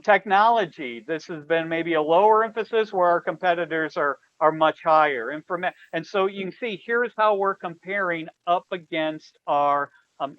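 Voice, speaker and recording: A man's voice: high voice, a bit bright, no room sound. A man presenting a strategy webinar, walking listeners through slides and asking a colleague to advance them. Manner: explanatory, directs slide changes. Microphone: video call. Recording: dull lo-fi web call audio.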